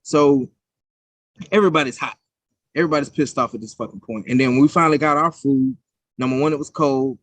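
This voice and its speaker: Man, young adult, podcast co-host, profane heated storytelling, mid pitch, dry sound. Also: brisk, long pauses, a bit bright, no echo. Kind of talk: casual chat.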